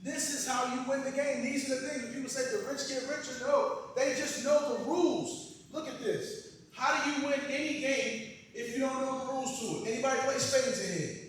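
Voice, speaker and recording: A man giving a loud, passionate financial workshop to a live audience, checking in with "right?" as he goes. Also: very high voice, normal speed. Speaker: financial education presenter. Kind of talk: energetic workshop lecture. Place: large echoey hall with a live audience. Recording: very echoey hall, distant mic, faint noise.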